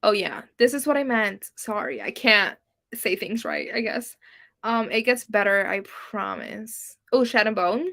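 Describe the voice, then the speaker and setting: A woman's voice: mid-range voice, unhurried, gravelly, bright, forceful tone. A young woman whose first language is Spanish, chatting casually on a livestream, giggly and self-deprecating with lots of ums and likes. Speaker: booktube livestream host. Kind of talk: casual live-stream chat reading comments.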